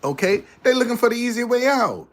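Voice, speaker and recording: A man's voice: very high-pitched, big pitch swings, a little fast. A man giving a motivational talk indoors in a preachy way, repeating his key lines for emphasis. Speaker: motivational speaker. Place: indoors, a hot room.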